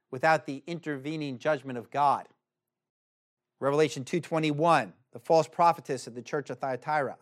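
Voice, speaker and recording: Guy preaching a sermon, pretty high voice, punchy, reads verses out, asks the room questions. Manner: emphatic preaching, with quotes read aloud and rhetorical questions. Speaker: pastor.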